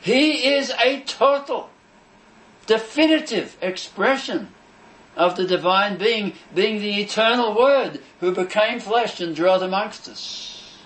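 A man preaching a sermon, emphatic and declamatory, repeating phrases for stress and pausing between them. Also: high voice, fairly bright tone, low-quality recording. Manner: measured, declamatory delivery with pauses between phrases.

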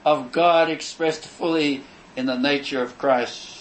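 A man preaching a sermon, emphatic and declamatory, repeating phrases for stress and pausing between them. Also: a little high, fairly even intonation, low-quality recording. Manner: measured, declamatory delivery with pauses between phrases.

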